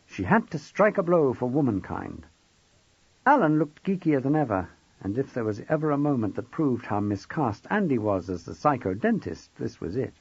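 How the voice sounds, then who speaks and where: A man narrates an audiobook with wry, expressive delivery. His pitch rises and falls widely, and his voice has a husky edge. The recording is dry and somewhat dull. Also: moderate pace, dry recording. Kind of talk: scripted narration.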